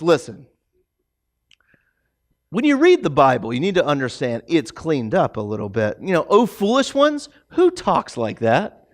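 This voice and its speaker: A man with a high voice preaches a relaxed, conversational sermon. He tells the story in an animated, everyday way, often restarting his sentences and filling pauses as he goes. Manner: casual, animated storytelling with many fillers and restarts. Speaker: pastor. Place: church sanctuary.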